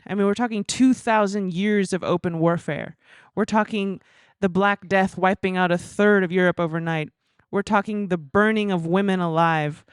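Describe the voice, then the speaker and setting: A woman giving conversational panel remarks at a conference, telling stories in a chatty, animated way with lots of fillers. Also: fairly low pitch, clean tone, no echo, clean studio sound.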